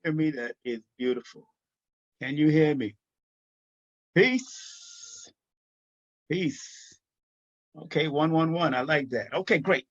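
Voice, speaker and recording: A man's voice: fairly high pitch, steady tone, measured pace, no echo, lo-fi sound. A man hosting a casual livestream, laid-back and repetitive, chuckling as he checks whether viewers can hear him. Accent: New York. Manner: laid-back, repeats phrases, chuckles often. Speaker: livestream host. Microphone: webcam or laptop mic on a video call.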